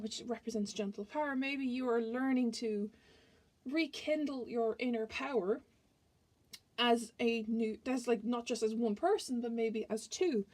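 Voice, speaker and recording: A woman with a fairly high voice talks through a tarot reading in a loose, chatty way. She rambles and keeps breaking off to restart her sentences. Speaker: tarot reader.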